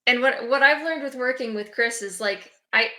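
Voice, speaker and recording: A reflective woman dog owner, a podcast guest, speaking hesitantly in a bright, higher voice. The recording carries a roomy echo. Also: normal speed. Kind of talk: casual podcast chat.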